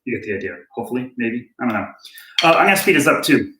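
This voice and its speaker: In a room with a drum kit and a click track, a drum teacher speaks quickly in a mid-range voice, giving a relaxed lesson, thinking aloud and poking fun at his own slip-ups. The recording sounds roomy, with drumming, clicks, and soft background music.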